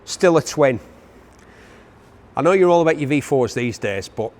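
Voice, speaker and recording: A man's voice: medium pitch, lively intonation, normal speed. A man with an enthusiastic, joking manner, presenting motorcycles for an auction preview and making asides to his cameraman.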